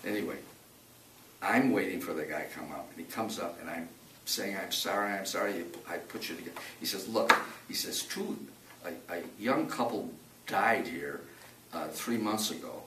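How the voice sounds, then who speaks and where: An older man telling a personal survival story in a rambling, halting way, often repeating words and restarting. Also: low-pitched. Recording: echoey room, distant mic, faint noise.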